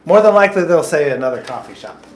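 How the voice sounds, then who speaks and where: Speaking fast and expressively in a somewhat high voice, a man jokes his way through a mock interview, patiently coaching job seekers with upbeat energy. The indoor coffee shop setting sounds echoey, with a little hiss or hum.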